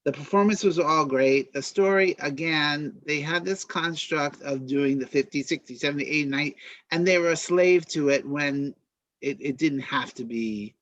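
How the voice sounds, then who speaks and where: A man weighs in on a podcast in an even, thoughtful way. His voice sits a bit high, and the recording sounds dull and lo-fi. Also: normal speed, no room sound. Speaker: podcast co-host. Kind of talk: casual chat.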